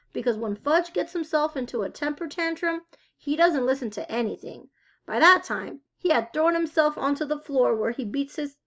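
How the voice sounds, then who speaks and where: A woman reading a children's novel aloud with expressive storytelling. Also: high-pitched, lo-fi sound. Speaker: reader.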